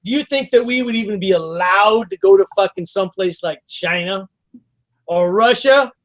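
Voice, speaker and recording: A man's voice: high-pitched, normal speed, a bit bright. A man in his fifties co-hosting a podcast, ranting heatedly and swearing constantly. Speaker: podcast co-host. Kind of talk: casual profane chat.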